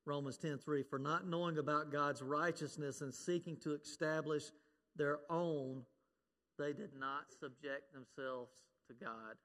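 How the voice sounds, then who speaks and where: A man's voice: fairly high pitch, steady tone, a little slow, a bit bright. A man preaching a sermon as pastor, earnest, quoting scripture and at times getting choked up. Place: church sanctuary. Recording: long reverb of a church hall.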